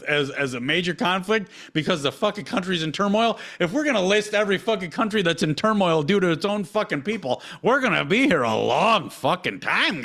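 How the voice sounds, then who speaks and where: High, pushed and bright, the man's voice carries a podcast segment where he works through a list. His asides are blunt and sarcastic, and the profanity comes often.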